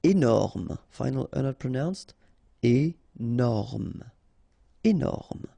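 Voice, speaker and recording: Slow, gravelly French-accented male teacher. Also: mid-range voice, expressive, mellow, dry recording. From France. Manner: slow, patient, repeats and spells out each word. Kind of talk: pronunciation drill.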